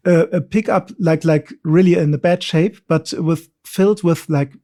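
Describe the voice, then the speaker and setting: Podcast guest, male, higher-pitched, halting and chuckling as he talks. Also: mellow. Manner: halting, many fillers and restarts, laughing easily. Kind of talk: casual chat.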